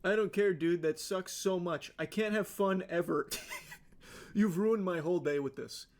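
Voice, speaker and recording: Young man, live streamer, high-pitched, sarcastic and profane while reading posts aloud. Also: unhurried, a little mellow. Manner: sarcastic, swearing. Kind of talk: reading a post aloud and reacting.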